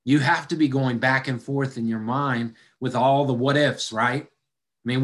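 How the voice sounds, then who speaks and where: A man delivers a sermon in a casual, conversational style, with a voice of middling pitch for a man. He keeps it personal and direct, and now and then acts out the people in the story with wry humor. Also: fairly even intonation, a little slow, a bit bright. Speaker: pastor.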